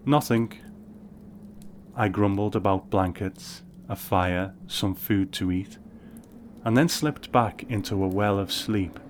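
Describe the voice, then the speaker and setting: Slow low-voiced male storyteller. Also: steady tone, a little hiss or hum. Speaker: narrator. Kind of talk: scripted first-person story narration.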